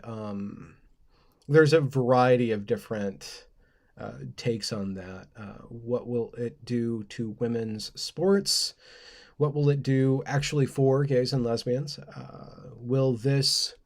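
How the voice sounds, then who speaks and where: A man's voice: mid-range voice, a little mellow. A man hosting a casual livestream, rambling playfully, reading word lists aloud and laughing at his own asides. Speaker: livestream host.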